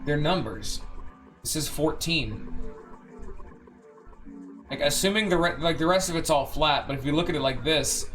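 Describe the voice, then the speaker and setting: A man's voice: a little high, animated, normal speed, pauses often, a bit bright, soft background music. A man hosting a let's play, reading the game's text aloud and adding casual, joking asides.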